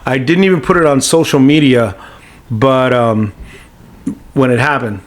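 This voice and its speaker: A man, a guest actor on a podcast, telling anecdotes in a casual, animated way and leaning often on "you know". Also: medium pitch, measured pace.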